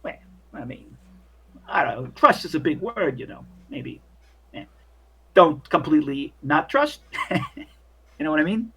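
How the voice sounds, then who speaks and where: A man's voice: on the high side, big pitch swings, measured pace, pauses often, a bit bright, breathy edge, heavily acted. A man doing a jittery Brooklyn bellhop. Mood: evasive. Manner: jittery, stammering, eager to please. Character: nervous young male hotel worker, Brooklyn accent.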